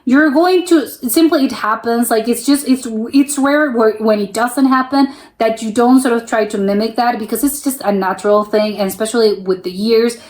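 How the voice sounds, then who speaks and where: Chatty American woman, higher voice. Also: darkish tone. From United States. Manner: chatty, musing aloud, rambling with many restarts. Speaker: reaction video host. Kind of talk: casual reaction commentary.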